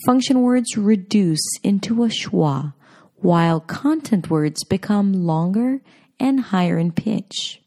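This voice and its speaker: Woman, teacher, scripted lesson, slow careful delivery, warm mellow tone. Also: medium pitch, animated. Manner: slow, clear, deliberate demonstrations. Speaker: pronunciation teacher.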